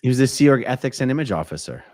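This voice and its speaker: Man host, interviewer, dry matter-of-fact asides, lively pitch movement. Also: very fast. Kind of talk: interview questions and brief interjections.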